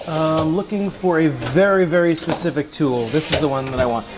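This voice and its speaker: A man's voice: on the high side, moderate pace, music in the background. A young man hosting a casual cooking livestream, talking while he cooks at the stove, goofy and self-mocking, calling viewers bro and dude.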